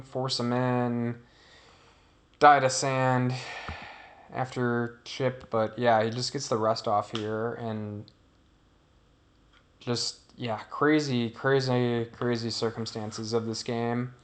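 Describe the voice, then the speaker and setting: A man's voice: mid-range voice, a bit bright. A man giving casual, rambling commentary over his own gameplay, drifting off topic and trailing off mid-thought.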